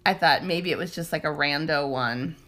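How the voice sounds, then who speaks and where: A woman's voice: sits low, moderate pace, fairly bright tone. A woman in her thirties telling a long story in casual chat, rambling and swearing, acting out quotes. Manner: rambling, profane, acts out quotes.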